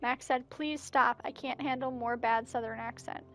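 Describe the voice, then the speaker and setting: High-voiced woman reading game messages. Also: fairly even intonation, moderate pace, a bit bright. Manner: reads messages aloud as narration, with breathless asides. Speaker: gameplay streamer. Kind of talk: reading game texts aloud during a playthrough.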